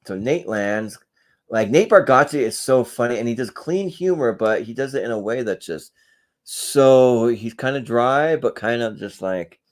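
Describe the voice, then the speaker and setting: A man's voice: medium pitch, lively intonation, unhurried. A young adult man hosting a solo ranking show, chatting offhand and rambling with frequent hesitations. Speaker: podcast host. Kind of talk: casual solo ranking chat.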